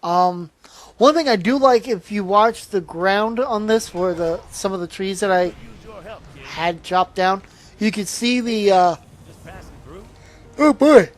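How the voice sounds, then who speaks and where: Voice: mid-range voice, a little slow. A tired, yawning channel host giving casual gameplay commentary at home, rambling with frequent restarts and trailing asides.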